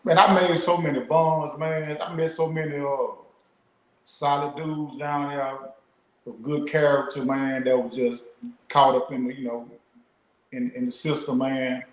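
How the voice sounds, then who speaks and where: A man's voice: mid-range voice, level tone, measured pace. A middle-aged man, a guest, telling stories in a laid-back, casual way and peppering his speech with "man". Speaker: guest, former prisoner. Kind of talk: casual storytelling. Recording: roomy echo.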